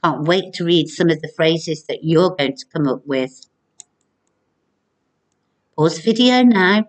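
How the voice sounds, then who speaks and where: A woman primary school teacher giving a recorded video lesson, speaking clearly and encouragingly to children. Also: sits low. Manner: slow, clear, encouraging classroom delivery.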